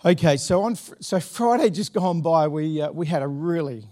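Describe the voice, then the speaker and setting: A man's voice: on the high side, expressive, normal speed, warm tone. A middle-aged man, a pastor telling a story from the pulpit in a chatty, laughing way with many restarts. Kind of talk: sermon anecdote.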